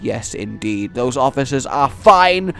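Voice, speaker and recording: A man hosting a let's play, rambling excitedly about the game, joking, and breaking into shouts and silly voices. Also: mid-range voice, unhurried, creaky, soft background music. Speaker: gaming channel host.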